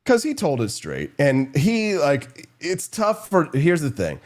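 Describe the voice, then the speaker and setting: A man's voice: fairly high pitch, slow. A man hosting a political talk show, telling stories in a loose, rambling way and acting out quotes from old colleagues. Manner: rambling, animated storytelling with impressions. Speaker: show host. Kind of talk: casual political commentary.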